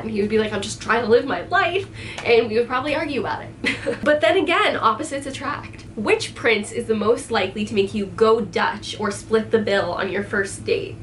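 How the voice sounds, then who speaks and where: A young adult woman chatting casually in a vlog, bubbly and giggly with lively jumps in pitch. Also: moderate pace, a little hiss or hum. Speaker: vlogger.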